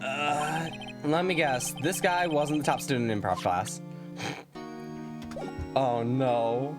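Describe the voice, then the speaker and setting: A woman's voice: rumbling low, slow pace, over music. A woman streamer chatting casually while playing a story game, with offhand, wry asides.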